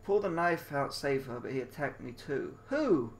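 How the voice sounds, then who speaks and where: A man's voice: mid-range voice, expressive, normal speed, a little hiss or hum. A man reading a mystery game aloud with crude, confused, mocking asides. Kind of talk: casual game commentary.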